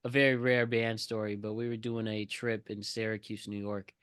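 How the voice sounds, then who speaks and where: A man's voice: on the low side, level tone, moderate pace, fairly bright tone, clean tone, no echo, clean studio sound. A man co-hosting a podcast in casual chat, teasing and laughing often. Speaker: podcast co-host.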